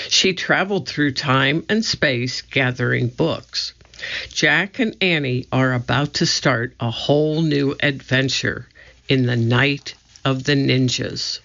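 Measured children's audiobook narrator, bright tone, muffled lo-fi recording. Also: medium pitch. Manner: slow, measured and gravelly.

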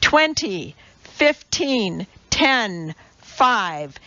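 A small, fierce male coxswain barks out profane orders with a raised, strained pitch and a gravelly edge, as a woman narrator puts him on. He growls and shouts his commands like a drill sergeant in a storybook read aloud. The recording sounds slightly muffled. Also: animated, slow, dry recording, full character voice. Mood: counting.

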